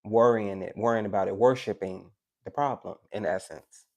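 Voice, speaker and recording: A man's voice: on the low side, moderate pace, creaky. A man giving a tarot live stream, talking casually and animatedly to his chat, preachy and joking. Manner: animated, preachy and joking, with teasing asides to viewers.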